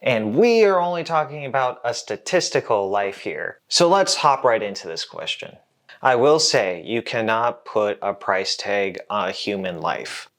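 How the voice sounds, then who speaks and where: A man's voice: fairly low pitch, animated, a little slow, a bit bright. A man hosting an educational science vlog, explaining in a casual, jokey way with asides to the viewer. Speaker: host.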